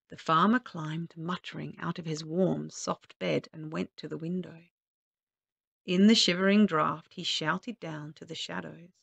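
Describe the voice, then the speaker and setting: Gravelly-toned woman reading a storybook. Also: sits low, steady tone, measured pace, a bit bright, no room sound. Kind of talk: storybook read-aloud.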